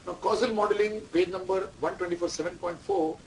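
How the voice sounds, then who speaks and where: This male management lecturer speaks a little fast in a high voice with fairly even intonation. Repeating key terms, he quizzes the class and dictates instructions, recorded from a distant mic with faint room noise.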